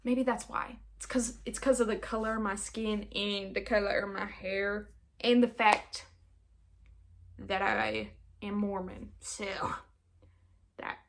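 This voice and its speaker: A woman's voice: medium pitch, vocal fry, a bit bright. A nineteen-year-old woman hosting her own podcast, chatting casually in a rambling, giggly, self-mocking way and putting on an accent now and then. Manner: puts on an accent in places. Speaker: podcast host. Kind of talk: casual solo podcast chat.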